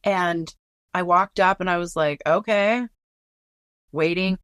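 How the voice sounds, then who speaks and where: A woman's voice: on the low side, level tone, measured pace, a bit bright, clean tone, no room sound, clean studio sound. A woman recounting a personal story in casual, blunt speech, swearing freely and filling with "like".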